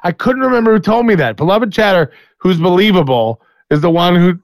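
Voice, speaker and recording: A man's voice: sits high, animated, brisk, no echo. A man co-hosting a live show, telling rambling gossip stories and quoting others in mock voices. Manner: rambling storyteller, quotes people in mock voices. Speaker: podcast co-host. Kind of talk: casual live-stream banter.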